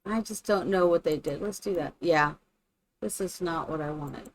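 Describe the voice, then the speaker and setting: A woman's voice: on the low side, moderate pace, a little hiss or hum. A woman live-streaming, chatting casually and thinking aloud while she builds in a game, greeting her viewers by name.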